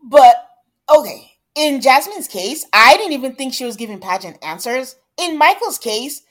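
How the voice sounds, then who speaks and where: A woman's voice: high-pitched, moderate pace. Chatty woman recapping reality TV. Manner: chatty, animated retelling with quoted asides. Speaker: podcast co-host.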